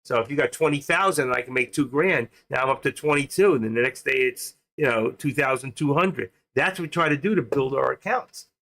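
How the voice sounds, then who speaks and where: An older man hosting a live trading stream, talking in an excitable, rambling casual way. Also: medium pitch, a little fast, few pauses.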